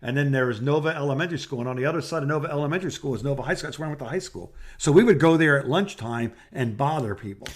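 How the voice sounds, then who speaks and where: A middle-aged man co-hosting a podcast, mostly giving short agreeing replies and quick asides in casual chat. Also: mid-range voice. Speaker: podcast co-host.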